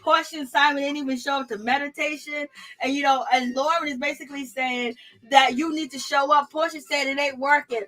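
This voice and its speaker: Gossipy and animated, a woman with a high voice reviews reality TV on her channel, laughing frequently and using African American Vernacular phrasing. She speaks a little fast, giving casual commentary and shouting out people in the live chat.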